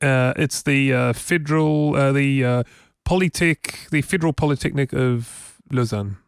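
A man's voice: mid-range voice, measured pace, gravelly, clean tone, no room sound, clean studio sound. A man with a New Zealand accent co-hosting a casual tech podcast, chatty and rambling, laughing often. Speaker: podcast co-host.

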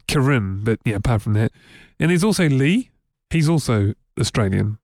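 A man's voice: medium pitch, lively intonation, normal speed, darkish tone, dry recording, clean studio sound. A man from New Zealand co-hosting a casual tech podcast, chatty and rambling with many fillers. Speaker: podcast co-host.

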